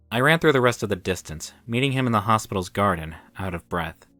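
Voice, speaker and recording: Man, scripted first-person narration, wry, dramatic, bright tone. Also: on the low side, lively intonation, fairly quick, few pauses, dry recording, soft background music.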